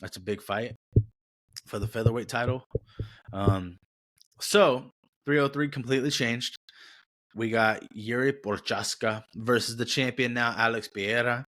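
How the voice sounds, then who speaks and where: A man's voice: mid-range voice, a little slow, pauses often, fairly bright tone. Casual rambling young man. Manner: casual, rambling, slangy, self-correcting. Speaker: podcast host. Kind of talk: casual sports podcast chat.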